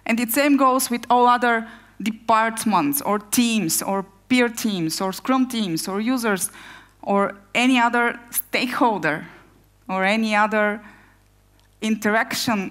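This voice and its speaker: Woman product owner, conference talk, energetic, heavy on rhetorical questions. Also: fairly high pitch, moderate pace.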